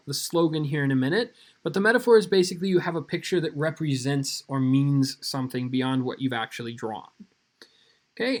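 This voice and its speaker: A male teacher in his thirties walks students through an assignment in a recorded video lesson. His voice sits a little high for a man, and he keeps the delivery casual and upbeat, speaking straight to the class.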